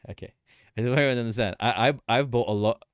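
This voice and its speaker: A man hosting a casual market commentary livestream, animated and joking, often repeating himself and laughing. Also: medium pitch, rapid-fire, no echo, studio quality. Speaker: livestream host.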